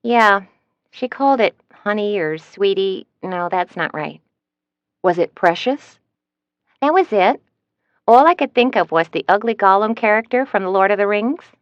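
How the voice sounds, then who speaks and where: A woman's voice: medium pitch, lively intonation, moderate pace, no room sound, voice pushed up, close to an everyday voice. A woman voicing a cheerful, talkative female travel agent in an audiobook, in a dry, slightly dull recording. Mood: chirpy.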